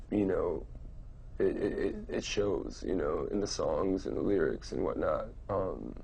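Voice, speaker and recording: Man with a low gravelly voice. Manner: relaxed and rambling, many fillers and restarts. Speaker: musician being interviewed. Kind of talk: casual interview answers.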